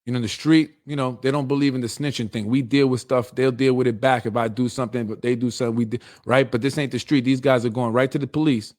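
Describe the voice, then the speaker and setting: A man's voice: mid-range voice, fairly even intonation, fast talker, hardly any pauses, darkish tone. A middle-aged man hosting a political show, delivering a blunt, confrontational, streetwise monologue. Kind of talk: heated monologue.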